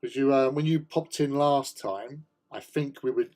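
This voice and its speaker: A man's voice: medium pitch, moderate pace, darkish tone. A man hosting a casual hobby livestream, chatting while he paints miniatures, joking and laughing often as he greets viewers. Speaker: livestream host.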